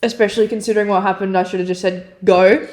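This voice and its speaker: A young adult woman co-hosting a casual chat, telling a story in a chatty, animated way with lots of fillers. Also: medium pitch, racing. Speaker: podcast co-host.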